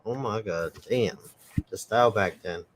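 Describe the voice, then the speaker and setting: A man from Brooklyn co-hosting a casual live-stream chat, laughing often and talking in excitable slang. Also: fairly low pitch, unhurried. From New York. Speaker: co-host.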